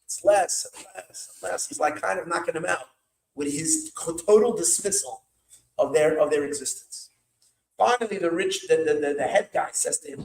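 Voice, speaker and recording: Man, rabbi storytelling, higher voice, animated bursts of shouting, many restarts, echoey room, mic far away. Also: moderate pace, creaky, noisy background. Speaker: rabbi telling a Hasidic story. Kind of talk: storytelling talk at an evening gathering. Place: hall of an evening gathering.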